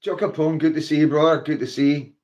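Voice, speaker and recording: A man's voice: a little high, steady tone, quick pace, a little mellow. A man with a Northern Irish accent hosting a casual livestream, chatting to viewers and greeting them by name in a rambling, filler-heavy way. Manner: chatty, rambling, with frequent fillers like "you know" and "like". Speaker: livestream host.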